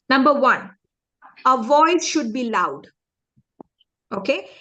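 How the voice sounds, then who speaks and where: A woman leading an interactive public speaking lesson for young students, asking the class questions and acting out her points. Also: sits high. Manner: animated, demonstrative, asks the class questions.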